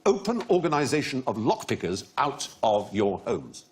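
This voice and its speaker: A man's voice: medium pitch, very animated, moderate pace. Wry quiz host man. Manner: wry, theatrical, chuckling. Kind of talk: comedy panel show hosting.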